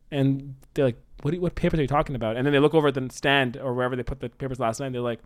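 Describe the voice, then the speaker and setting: A man brainstorming a story idea in casual conversation, acting out his characters' lines as he pitches them. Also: racing, few pauses. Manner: animated, acts out characters' lines mid-pitch.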